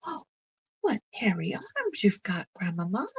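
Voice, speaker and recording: A woman's voice: mid-range voice, wildly swooping pitch, a little slow, husky, full character voice. A woman voicing a sweet, innocent little girl in a red hood, with an eager, sing-song manner. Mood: alarmed.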